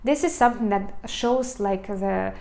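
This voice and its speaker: A woman's voice: mid-range voice, measured pace, creaky, mellow. A woman with a Russian accent teaching a language lesson online, explaining step by step with frequent fillers and restarts.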